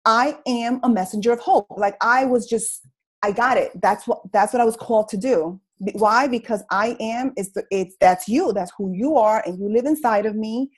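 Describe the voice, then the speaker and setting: A middle-aged woman telling her story on a video call, in a comical, slangy, animated way. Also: fairly high pitch, moderate pace, breathy edge, poor audio. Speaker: guest speaker sharing her story. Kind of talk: casual motivational talk on a video call.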